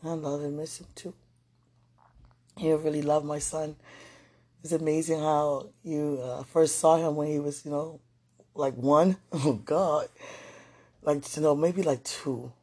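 A woman's voice: low-pitched, steady tone, a little slow, long pauses, slightly rough. A woman talking casually and emotionally to a viewer, rambling and affectionate, often speaking of God and dropping to near-whispers. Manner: rambling and affectionate, with frequent religious talk; soft-spoken, drifting into near-whispers.

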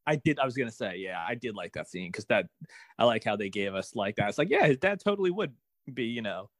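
A man's voice: fairly low pitch, animated, fast talker, no echo, studio quality. A man co-hosting a casual podcast who reviews a TV episode candidly, laughing often and sighing when he is let down. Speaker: podcast co-host. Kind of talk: casual TV recap chat.

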